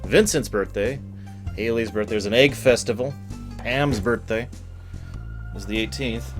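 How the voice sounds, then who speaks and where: A man's voice: mid-range voice, a little slow, music in the background. A man streaming a game, giving casual commentary with dry, wry asides. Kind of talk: casual let's-play commentary.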